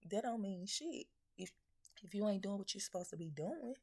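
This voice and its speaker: Her mid-range voice is expressive and a little mellow, moving at a normal speed. As a spiritual reader, she delivers a blunt, profane preaching message to viewers, scolding them through a stream of rhetorical questions.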